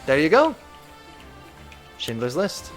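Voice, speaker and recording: Animated chatty male streamer. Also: fairly high pitch, slow, soft background music. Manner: reads chat aloud, chatty and animated. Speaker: game streamer. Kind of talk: casual live-stream chat.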